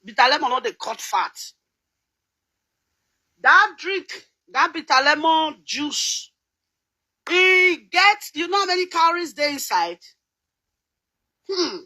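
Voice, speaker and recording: Nigerian woman vlogger, middle-aged, high-pitched and chatty, laughs a lot. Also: animated, slow pace, pauses often, sharp tone, rough recording. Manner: chatty, laughs often, sings snatches. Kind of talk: casual chat.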